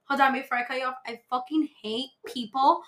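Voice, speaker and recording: A woman's voice: high voice, steady tone, brisk, fairly bright tone. A young woman guest in a casual podcast chat, blunt and emphatic. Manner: blunt and emphatic, reacts with laughs.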